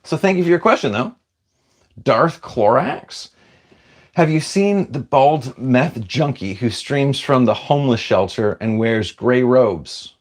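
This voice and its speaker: A man's voice: medium pitch, expressive, slow. A man casually chatting on a livestream, reading out viewer comments and answering them in a rambling, self-deprecating way. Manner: chatty, self-deprecating, wanders off mid-sentence.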